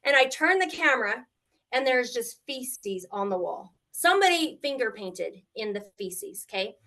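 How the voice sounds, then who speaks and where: A middle-aged woman, a grandmother, telling her story as a guest on a live stream, animated and emotional, acting out what people said. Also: fairly high pitch, a little slow. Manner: animated, tearful at times, quotes people in shifting voices.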